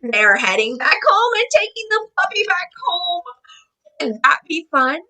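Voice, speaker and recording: Lady reading a kids picture book, super excited, very high voice, swoops around. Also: unhurried, rough recording. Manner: excited, gasping, exclaiming to children. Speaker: storyteller reading to children. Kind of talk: animated picture-book read-aloud.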